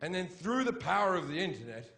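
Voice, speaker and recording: Profane, sarcastic stand-up comedian, higher-pitched. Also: male voice, sing-song, fast talker, background noise. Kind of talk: live stand-up routine. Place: live stage show in Britain.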